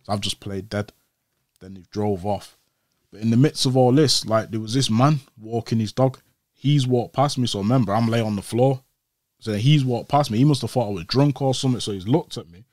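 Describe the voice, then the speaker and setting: This young interview guest has a medium-pitched voice and talks a little fast, recounting his story casually and animatedly while performing the quoted voices of the people involved. The sound is studio quality, with no echo.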